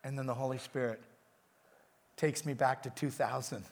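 A man's voice: mid-range voice, steady tone, normal speed. A man preaching a sermon with energy in a large church, speaking directly to the congregation. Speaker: pastor. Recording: reverberant church hall.

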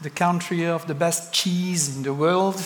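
Man, French accent, guest pastor's sermon, slow halting delivery, long hall reverb. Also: on the high side, fairly even intonation. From France. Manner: halting, repeats words while searching for them; light self-deprecating humor. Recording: long hall reverb, faint background noise.

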